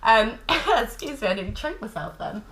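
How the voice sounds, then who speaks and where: A woman's voice: a little high, expressive, normal speed, fairly bright tone, rough recording. A woman giving a chatty spiritual card reading to camera, affectionate and given to laughter. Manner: chatty and affectionate, repeats "my lovelies" and "okay?", laughs often. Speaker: tarot card reader.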